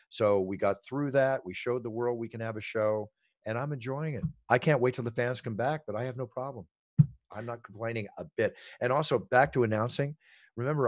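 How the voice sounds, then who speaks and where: A middle-aged man telling stories in an animated, emphatic way as an interview guest. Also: lowish voice, no echo. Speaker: ring announcer and guest. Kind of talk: energetic interview talk.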